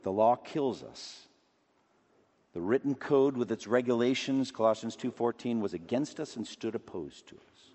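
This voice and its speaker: A man preaching a sermon with emphatic delivery, rising to loud declamation and dropping low again. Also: lively intonation, moderate pace. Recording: long reverb of a large hall.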